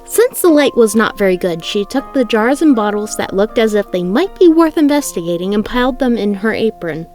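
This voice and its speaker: A woman reading a novel aloud in a relaxed, homemade way, her voice sitting at an everyday middle pitch. She stumbles and restarts lines now and then, and soft music plays faintly behind her. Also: fairly quick, hardly any pauses. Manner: casual, self-correcting reading. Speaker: reader of a book aloud. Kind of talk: casual read-aloud narration.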